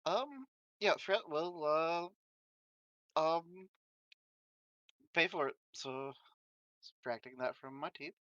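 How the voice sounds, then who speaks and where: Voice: mid-range voice, animated, slow, long pauses, a bit bright, dry recording, dull audio. A player in a tabletop game, speaking hesitantly with many fillers. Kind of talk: casual tabletop game chat.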